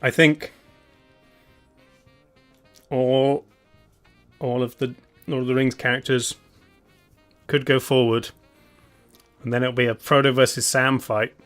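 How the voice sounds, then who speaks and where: A man's voice: medium pitch, little pitch movement, slow pace, long pauses, a bit bright, soft background music. A man hosting a live stream in a casual, laid-back way. He chuckles often and hums idly between remarks. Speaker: streamer host.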